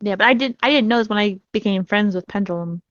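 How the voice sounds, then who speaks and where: A woman's voice: medium pitch, fast talker, fairly bright tone, muffled recording. A woman chatting casually as a podcast guest, rambling and laughing while she tells stories. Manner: rambling, giggly, acts out her own reactions. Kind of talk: casual chat.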